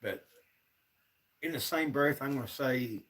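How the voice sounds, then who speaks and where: A man's voice: mid-range voice, a little slow, a bit bright, far from the mic, a little hiss or hum. Frustrated man ranting on a livestream. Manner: frustrated, ranting, talks straight to viewers. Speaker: livestream host. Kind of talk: casual livestream rant.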